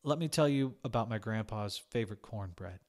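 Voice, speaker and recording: A man's voice: fairly low pitch, expressive, moderate pace, close to an everyday voice. A man voicing a brusque, troublesome young male chef who speaks in a curt, needling way.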